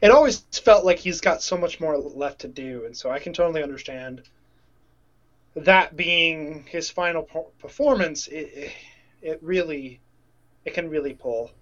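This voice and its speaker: A man's voice: fairly high pitch, normal speed, fairly bright tone. A man co-hosting a casual podcast chat, rambling and restarting sentences as he gets emotional. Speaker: podcast co-host. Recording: dull lo-fi sound.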